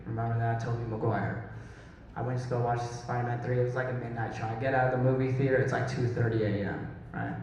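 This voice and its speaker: A man's voice: medium pitch, steady tone, a little mellow, highs cut off, slight background noise. A man in his thirties from Dallas, Texas, telling self-mocking stories in a stand-up comedy set. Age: 30s. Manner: storytelling, self-mocking, quick asides to the crowd. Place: large hall, recorded from far off. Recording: very echoey hall, distant mic.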